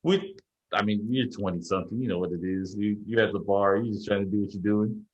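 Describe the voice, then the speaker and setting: A man's voice: on the low side, fairly quick, muffled recording. Profane man recounting a story. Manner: profane, rambling, animated retelling. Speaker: podcast co-host. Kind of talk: casual storytelling chat.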